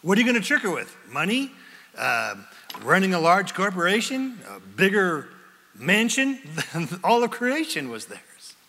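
Animated bright-voiced male preacher. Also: sits high, unhurried. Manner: animated, acts out voices, asks the crowd questions. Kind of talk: sermon. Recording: long hall reverb.

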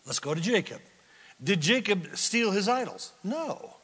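A male pastor giving a sermon, telling a story with animated delivery and questions to the congregation. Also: high-pitched, unhurried, husky, long reverb tail. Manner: animated storytelling, acts out quotes, asks the crowd questions.

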